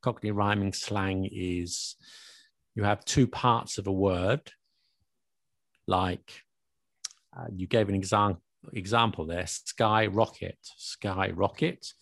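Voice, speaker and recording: Gravelly low-voiced man explaining. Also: steady tone, slow, long pauses, a bit bright, no room sound. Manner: explains with worked examples, chuckling. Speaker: host explaining slang. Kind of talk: casual explanation.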